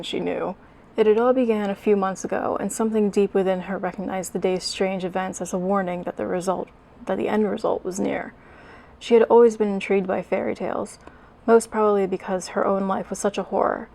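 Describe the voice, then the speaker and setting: A woman's voice: medium pitch, creaky, a little mellow. A woman hosting a video, mixing wry, sarcastic commentary with reading a story aloud. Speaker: fanfic reading host.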